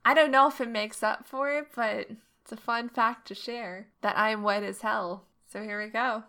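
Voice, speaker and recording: A bubbly young woman co-hosts a podcast and teases her friend playfully. Her voice is bright and a little high, with a lively chatty lilt. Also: moderate pace, clean tone. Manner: bubbly, teasing. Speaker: podcast co-host. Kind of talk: casual chat.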